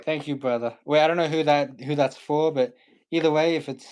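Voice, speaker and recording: A man's voice: fairly high pitch, steady tone, a little fast, a little mellow, clean tone. A man from Iran, a guest on a livestream, talking in a blunt, joking way with many fillers. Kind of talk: casual livestream chat.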